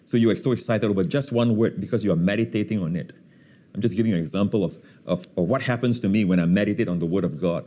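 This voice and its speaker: A man's voice: lowish voice, fast, mellow. A man teaching scripture as a guest on a talk show, emphatic and fond of repeating key words, with frequent fillers. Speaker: pastor and guest.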